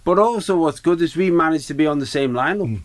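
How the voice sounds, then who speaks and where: A man's voice: a little high, lively intonation, a little fast. A middle-aged man from Liverpool with a Liverpool accent, telling stories on a podcast and repeating words as he builds up. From Liverpool, England. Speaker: guest comedian. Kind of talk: casual anecdote telling.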